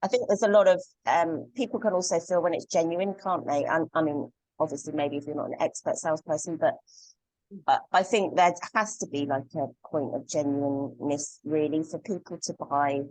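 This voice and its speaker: A woman's voice: deep voice, fairly even intonation, normal speed, darkish tone, no room sound, rough recording. A woman sharing a thoughtful, earnest point in a casual group discussion.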